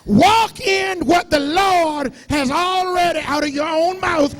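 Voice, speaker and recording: A man preaching a sermon as pastor, shouting and chanting in call-and-response with his congregation. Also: extremely high pitch, takes it slowly. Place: church sanctuary.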